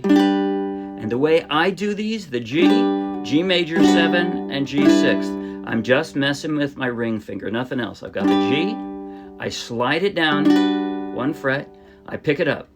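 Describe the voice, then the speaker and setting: A man teaching ukulele in a casual tutorial, explaining in a chatty, friendly way and often correcting himself mid-sentence. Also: medium pitch. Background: his own ukulele playing.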